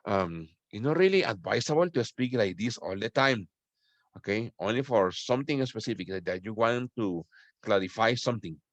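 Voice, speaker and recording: A male English teacher works through a grammar point for his class. His pitch rises and falls a lot, and he keeps checking in with his students. The sound is dry and close, with little room echo. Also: lively intonation, moderate pace. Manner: explains patiently, checks in with "okay?" often; switches to Spanish to address his students.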